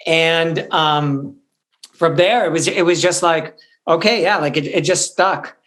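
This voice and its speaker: A man with a fairly high speaking voice, a hip-hop artist on a radio talk show. He speaks casually and feels his way through his answers, restarting and filling with "like" as he thinks. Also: a little slow, fairly bright tone. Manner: loose and searching, many "like"s and restarts.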